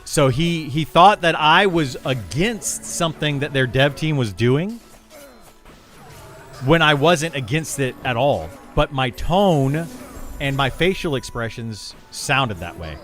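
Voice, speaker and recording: Rambling male streamer, soft music behind. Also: fairly high pitch, expressive, slow pace. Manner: rambling, repeats words and restarts while explaining. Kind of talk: casual stream chat. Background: faint music.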